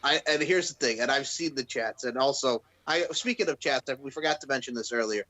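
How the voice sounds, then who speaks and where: Bright-voiced rambling podcast man. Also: medium pitch, brisk. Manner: chatty, rambling, laughing asides. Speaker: podcast co-host. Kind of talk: casual wrestling chat.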